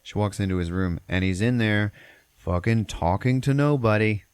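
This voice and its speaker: A man's voice: fairly low pitch, moderate pace, smooth, no echo. A man hosting a podcast, casually recapping a movie in a profane, rambling way. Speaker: podcast host.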